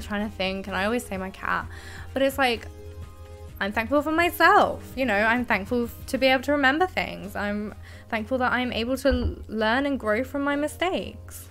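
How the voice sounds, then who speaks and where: A woman's voice: on the high side, fairly bright tone. A young woman chatting casually on her live stream, giggly and affectionate toward her cat, speaking into a desk mic at home. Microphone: desk microphone.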